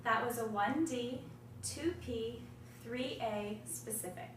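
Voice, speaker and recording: A woman playing a choir director gives brisk instructions and praise, then labels the teaching pattern she used. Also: a little high. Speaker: music education student playing a choir director. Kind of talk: role-played choir rehearsal with analysis. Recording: echoey room, voice from far off, audible background noise.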